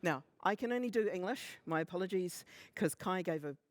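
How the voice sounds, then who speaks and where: A man in his fifties giving a conference talk, animated and humorous, often acting out other people's remarks. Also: sits high, a little fast, dry recording. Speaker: conference speaker. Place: conference stage.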